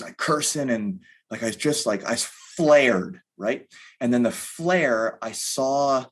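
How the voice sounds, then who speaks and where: A man in his thirties, a podcast guest talking candidly in a rambling way, full of fillers. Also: lowish voice. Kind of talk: casual conversation.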